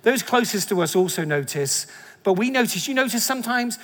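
High-voiced preacher in a reverberant hall. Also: male voice, lively intonation, fairly quick, a bit bright. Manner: conversational preaching, emphatic repetition. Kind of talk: sermon.

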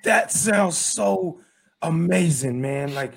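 A man's voice: fairly high pitch, expressive, slow pace, vocal fry, husky, exaggerated voice. A man playing a recovering American comedian who stammers eagerly. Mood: jittery.

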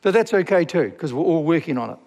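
High-voiced man preaching in a reverberant hall. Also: expressive, darkish tone. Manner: reads scripture slowly, asks the congregation questions. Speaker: pastor. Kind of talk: sermon.

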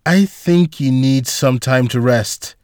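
A man's voice: mid-range voice, takes it slowly, a little mellow, no echo, natural voice. A cheerful, foul-mouthed bodyguard, as a man reads him in a storybook, chatting in a loose, jokey, profane way. His voice is dry and close, with no room around it. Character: gruff cursing male bodyguard, cheerful caretaker.

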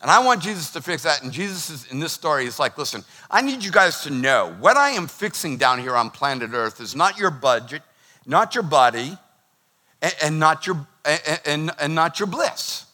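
A man preaching with a bright, forceful voice that sits a little high. He talks in a lively, conversational way and cracks jokes between points. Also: moderate pace. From Boston. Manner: energetic, conversational, joking preacher. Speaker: pastor. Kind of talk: sermon.

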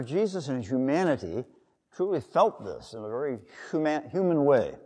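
A man's voice: mid-range voice, darkish tone. A man preaching a sermon in a conversational way, sometimes acting out quotes. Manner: conversational, with acted-out quotes and asides. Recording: long reverb of a large hall.

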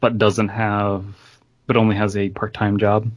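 A man's voice: lowish voice, monotone, measured pace. A man hosting a podcast over a video call, reading a short horror story aloud with dry, joking asides.

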